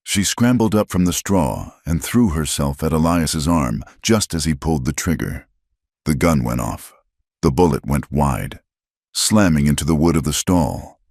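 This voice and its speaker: Deep-voiced male narrator for a dramatic frontier tale, dry close sound. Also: lively intonation, measured pace, darkish tone, dry recording.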